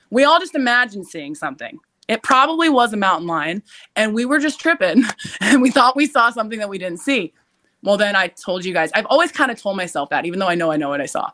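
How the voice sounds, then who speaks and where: Appearing as a podcast guest, this young adult woman with a mid-range voice recounts a scary tale. Her delivery is animated and casual, packed with the filler "like" and punctuated by loud, shouted quotes.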